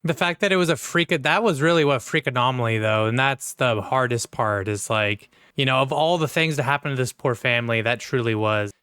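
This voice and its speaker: A man co-hosting a podcast chats casually and rants heatedly, swearing a lot. His medium-pitched voice is clear, resonant and fairly bright, moving a little fast with few pauses. The recording is dry with clean studio sound.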